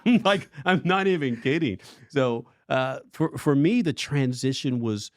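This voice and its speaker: A man co-hosting a church podcast, telling his own story in animated casual chat and acting out his past lines. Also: mid-range voice, measured pace, no room sound, studio quality. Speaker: worship pastor and podcast co-host.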